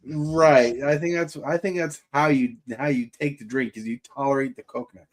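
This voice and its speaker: A man's voice: mid-range voice, steady tone, moderate pace. A man hosting a casual livestream, chatting in a rambling way and greeting viewers by name. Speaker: livestream host. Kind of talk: casual chat.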